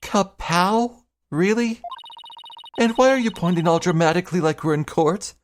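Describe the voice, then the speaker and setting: A man voicing a brash, sleazy middle-aged TV producer with fast showbiz patter. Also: high voice, slight background noise, natural voice. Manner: fast-talking showbiz patter, drawn-out taunts.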